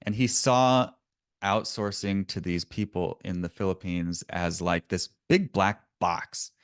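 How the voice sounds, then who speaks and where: A man's voice: low-pitched, slow pace, clear, resonant tone, no room sound, studio quality. A man presenting a business webinar in a conversational way, often correcting himself and chuckling now and then.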